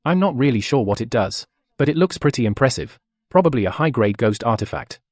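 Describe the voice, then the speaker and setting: A man voicing a tearful, simple-hearted fat male ghost in an animated drama dub, talking in a muffled, bashful way. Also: medium pitch, fairly quick, dry recording. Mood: grateful.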